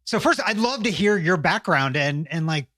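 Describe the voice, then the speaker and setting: Halting interview host. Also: medium pitch, expressive, pushed and bright. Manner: loose, halting questions with fillers. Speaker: podcast host. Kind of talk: interview questions.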